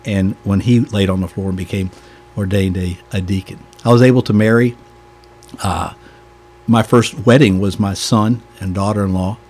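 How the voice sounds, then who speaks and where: A man's voice: lowish voice, steady tone, normal speed, a little mellow. An older man with a Southern American accent, a deacon telling stories in a folksy, chuckling way during a podcast interview.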